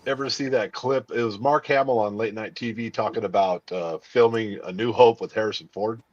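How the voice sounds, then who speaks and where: A man with a fairly low voice shares a relaxed anecdote with a casual panel. The sound is dull and lo-fi, the way a call line sounds. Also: brisk, no room sound. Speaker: panel guest.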